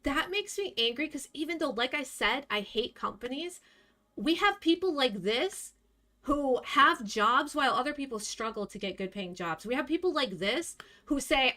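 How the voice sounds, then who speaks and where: A woman's voice: sits high, animated, moderate pace, bright, forceful tone. A young woman streamer ranting bluntly at her chat, scolding and exasperated, swearing freely. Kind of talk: live stream rant at chat.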